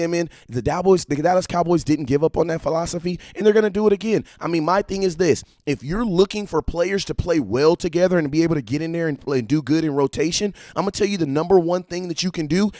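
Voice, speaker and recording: A man hosting a casual live-stream about football, animated and slangy, repeating himself and breaking into excited shouts. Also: on the high side, no echo, studio quality. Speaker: live-stream sports talk host.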